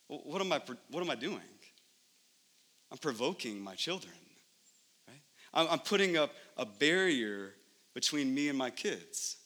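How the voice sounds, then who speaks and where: A man in his thirties preaching a sermon as pastor, animated and conversational, acting out little scenes at home. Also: fairly high pitch, a little slow. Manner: animated, acts out scenes in lively voices. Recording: long hall reverb.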